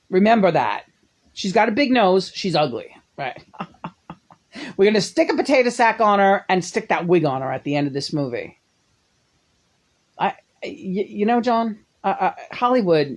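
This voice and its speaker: Profane, animated woman ranting. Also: mid-range voice. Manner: profane, sarcastic, laughs often. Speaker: movie reviewer. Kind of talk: casual rambling monologue.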